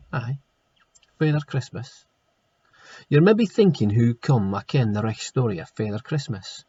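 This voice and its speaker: A man's voice: mid-range voice, warm tone, husky, no echo, highs cut off. A man with a Scottish accent, a primary school teacher who chats homely and then reads a children's storybook aloud in broad Scots. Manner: homely, chatty, rolls into broad Scots words. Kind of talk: casual chat then reading a storybook aloud.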